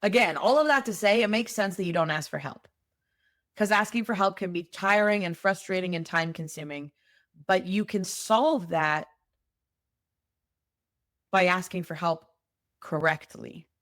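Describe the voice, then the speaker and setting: A woman's voice: on the low side, a little slow, long pauses, fairly bright tone, no echo, studio quality. Conversational woman podcast host. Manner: conversational and emphatic, explains with examples. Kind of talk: solo podcast talk.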